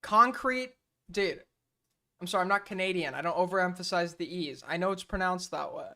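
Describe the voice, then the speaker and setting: A man's voice: high voice, fairly quick, a bit bright. A male streamer giving blunt, profane live commentary as he reacts to a clip.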